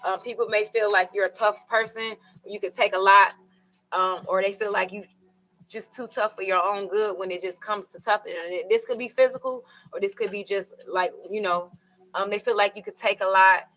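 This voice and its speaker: Casting: woman tarot reader, bright tone, loose rambling delivery with fillers. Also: mid-range voice, fairly even intonation, moderate pace, rough recording. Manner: rambling, conversational, with many fillers. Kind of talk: casual tarot reading.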